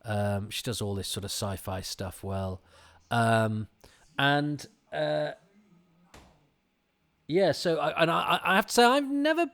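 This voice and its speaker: A man's voice: medium pitch, slow, pauses often, fairly bright tone. A man giving casual commentary on an old TV episode, rambling and often restarting his sentences. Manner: rambling and self-interrupting, frequent restarts.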